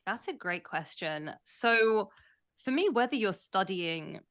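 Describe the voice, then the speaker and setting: A woman from the UK, a branding expert guest on an interview podcast, who talks with enthusiasm and explains ideas in a thoughtful, measured way. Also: medium pitch, expressive, a bit bright. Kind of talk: casual interview chat.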